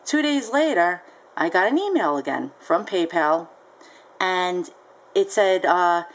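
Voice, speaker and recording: A woman's voice: on the low side, expressive, takes it slowly, poor audio. A woman seller casually recounting a story on her vlog, chatty and peppered with ums and asides. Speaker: online seller.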